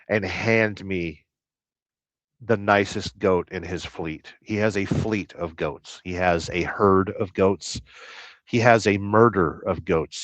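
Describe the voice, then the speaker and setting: A man from Southern California hosting a casual trucking livestream. He reads viewer comments aloud and rambles through deadpan, absurd jokes. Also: low voice, dry recording. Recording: dry, slightly dull lo-fi sound.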